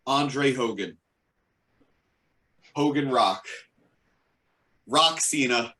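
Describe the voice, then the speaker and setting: A man's voice: medium pitch, very slow, bright, forceful tone. A man co-hosting a casual podcast, playful and rambling with jokey asides. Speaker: podcast co-host. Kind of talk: casual chat.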